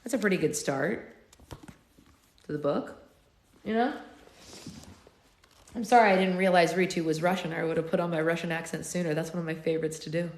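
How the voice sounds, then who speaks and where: A woman with a hoarse, gravelly voice hosting a book club livestream, reading aloud and chatting in a playful, rambling way. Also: fairly low pitch, normal speed, long pauses, a little mellow. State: hoarse, losing her voice. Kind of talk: reading aloud and casual chat. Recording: roomy echo.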